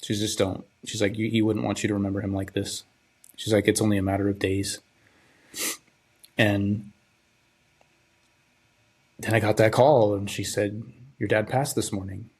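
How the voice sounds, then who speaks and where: A young man hosting a podcast, telling a personal story in a halting, subdued, grieving way, often trailing off and repeating words. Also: lowish voice, flat delivery, darkish tone, breathy edge. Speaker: podcast host.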